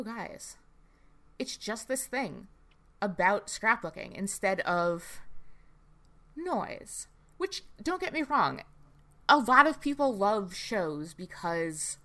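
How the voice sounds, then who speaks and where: Woman podcast host, bright and forceful, chatty and emphatic. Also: medium pitch. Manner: chatty and emphatic, laughs often. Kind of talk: casual podcast interview.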